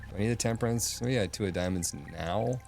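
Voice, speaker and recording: Low-voiced man chatting over game music. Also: fairly quick, vocal fry, a little mellow. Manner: chatty, thinks aloud and answers chat. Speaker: streamer. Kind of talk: casual gaming commentary. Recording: game music playing behind.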